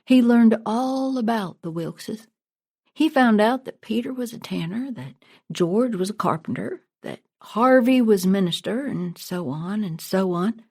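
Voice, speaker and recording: A woman narrating a story in a plain, steady storytelling manner. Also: mid-range voice, gravelly. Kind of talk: audiobook narration.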